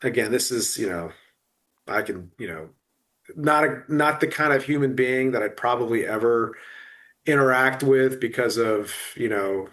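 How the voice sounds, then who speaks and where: A man's voice: medium pitch, a bit bright. A middle-aged man talking about loss in an emotional podcast conversation, full of restarts and fillers. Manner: halting, many restarts and fillers. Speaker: guest.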